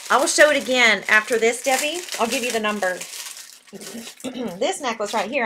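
A woman hosting a live jewelry sale stream, excitable and reading buyer names aloud as she types. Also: a little high, normal speed, noisy background.

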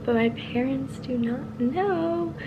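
A woman's voice: high voice, slow pace, dull audio, background noise. Chatty nervous young woman vlogging in her car. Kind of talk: casual vlog chat. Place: inside a parked car.

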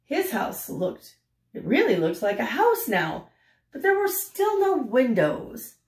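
An older woman reading a picture book aloud in a gentle way, pausing to ask the listener questions. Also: on the high side, wildly swooping pitch. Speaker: storyteller. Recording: roomy echo.

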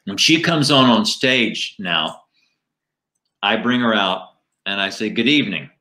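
A middle-aged man, a comedian and ventriloquist, telling animated anecdotes in a casual interview. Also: on the low side, takes it slowly, a little hiss or hum.

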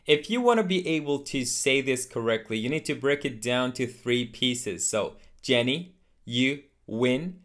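A man teaching English pronunciation, repeating each word slowly and deliberately for learners. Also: mid-range voice. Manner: slow, deliberate repetition of words for learners. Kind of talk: scripted lesson to camera.

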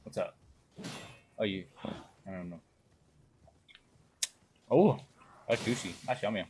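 A young man streaming a game live, chatting along casually and breaking into loud excited exclamations. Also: on the low side, slow, noisy background. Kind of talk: live gameplay commentary.

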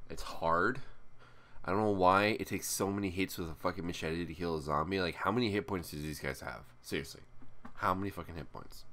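A tired, drowsy young YouTuber talks casually to his viewers in a vlog to camera, rambling and mocking himself between sighs and groans. His voice sits low with a bit of brightness.

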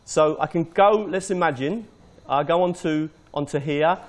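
A man's voice: a little high, normal speed. A middle-aged British man, a teacher trainer, giving an informal step-by-step live demonstration of a teaching tool. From Britain.

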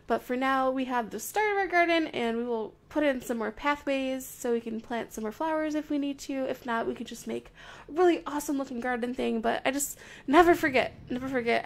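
A young woman with a high, light voice talks through her game in casual commentary. She is bubbly and playful, gushing warmly, and jumps between excited squeals and soft, murmured asides. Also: fairly quick, vocal fry. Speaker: Minecraft video creator.

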